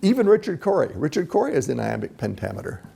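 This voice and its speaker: A man's voice: on the high side, huge pitch swings, quick pace, creaky, dark tone, slightly rough. A man giving a lecture presentation, explaining poetic form and chanting rhythms aloud as he goes. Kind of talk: lecture on poetry.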